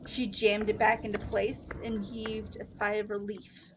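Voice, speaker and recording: A woman reading a fantasy novel aloud, narrating at a steady storytelling pace. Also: mid-range voice, a little slow, noisy background.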